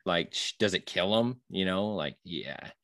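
Low-voiced man in excited fan chatter. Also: a little slow, no room sound, studio quality. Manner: excited, rambling, with restarts and quoted reactions. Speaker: podcast co-host. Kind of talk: casual fan discussion.

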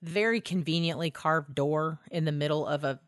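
A woman co-hosting a podcast, recapping a film in casual chat, laughing often, swearing and acting out lines in quick voices. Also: sits low, fairly even intonation, dry recording, studio quality. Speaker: podcast co-host.

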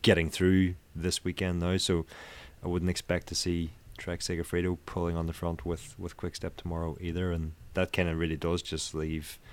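Low-voiced easygoing male co-host. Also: monotone, normal speed, hardly any pauses. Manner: easygoing, tentative. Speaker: podcast co-host. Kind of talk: casual cycling race analysis.

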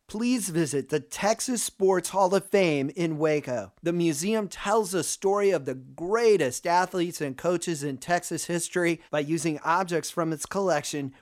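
A man's voice: a little high, unhurried, hardly any pauses, darkish tone. A man hosting and narrating a sports podcast, in a polished, scripted announcer delivery.

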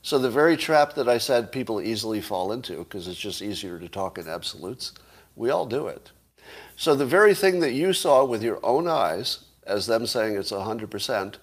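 A man's voice: medium pitch, slightly rough. A man hosting a casual livestream, arguing his point and throwing rhetorical questions at viewers, with the odd chuckle. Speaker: livestream host.

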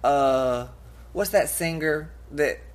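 A woman co-hosting a podcast in casual chat, brash and crude, telling stories loudly. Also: sits low, takes it slowly. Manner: brash, crude and loud, animated storyteller. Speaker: podcast co-host.

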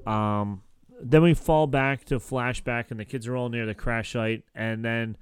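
A man's voice: medium pitch, steady tone, unhurried, clear, resonant tone. A man casually recapping a TV episode on a podcast, rambling with lots of fillers and restarts. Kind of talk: casual chat.

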